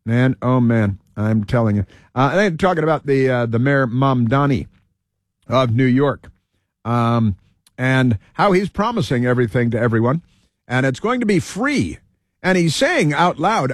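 A man's voice: mid-range voice, very animated, normal speed, dry recording, clean studio sound. A man hosting a talk show, delivering a rambling, heated political monologue full of fillers and restarts.

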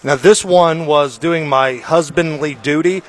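A man hosting a morning radio show, telling stories in a chatty, animated way. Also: on the high side, unhurried, a little hiss or hum. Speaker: radio host. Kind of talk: casual morning radio banter.

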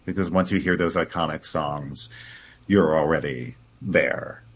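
A man's voice: rumbling low, measured pace, breathy edge. A man, a theater director, answering interview questions in a chatty way, laughing often and restarting his sentences.

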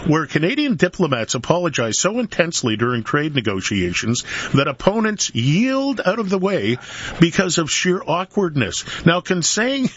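A man's voice: fairly high pitch, fairly bright tone, muffled recording, slight background noise. A man hosting a radio interview, asking questions with an amused, chuckling manner. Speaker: radio host.

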